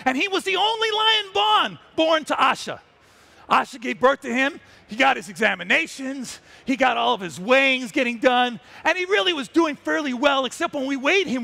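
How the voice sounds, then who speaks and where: A man's voice: very high voice, gravelly, pushed and bright. A man telling a wildlife story on a trade show stage, exuberant and acting out the animals. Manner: exuberant, breaks into character voices. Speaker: wildlife photographer giving a stage talk.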